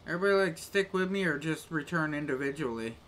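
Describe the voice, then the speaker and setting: A man's voice: fairly high pitch, animated, fast talker, a bit bright, slight background noise. A man grumbling casually to his live-stream chat while he plays a game, with exasperated little rants.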